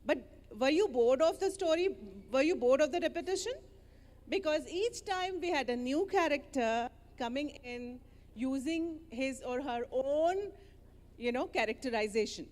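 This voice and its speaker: A woman leading children through an interactive story, animated and coaxing as she gives playful directions. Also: sits high, moderate pace, long reverb tail.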